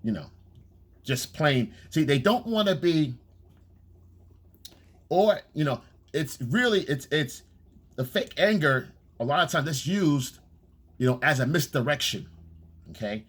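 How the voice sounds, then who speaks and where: A man's voice: fairly high pitch, lively intonation, measured pace, pauses often, fairly bright tone, slightly rough. A man giving a dating coach's casual monologue, blunt and profane, who keeps checking in with "okay?".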